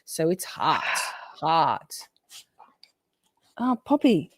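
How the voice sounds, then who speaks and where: A woman's voice: medium pitch, lively intonation, normal speed, dry recording, clean studio sound. An Australian woman hosting a livestream, chatting casually and reading viewer comments aloud with frequent laughs. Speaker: livestream host.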